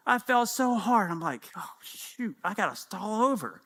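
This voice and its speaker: Fifty-something guy preaching, really high bright voice, acts out the back-and-forth with god. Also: moderate pace. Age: 50s. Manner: animated preaching, acting out prayers and dialogues. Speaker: pastor. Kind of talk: sermon.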